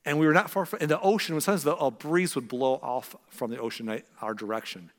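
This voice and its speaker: A man's voice: a little high, fast, fairly bright tone, long reverb tail. A man from the American Midwest preaching a conversational sermon, acting out quotes with big jumps in his voice. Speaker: pastor.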